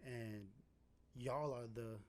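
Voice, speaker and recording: A man's voice: medium pitch, steady tone, a little mellow. Earnest man in his thirties. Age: 30s. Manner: earnest, measured, searching for words. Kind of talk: heartfelt reflective talk.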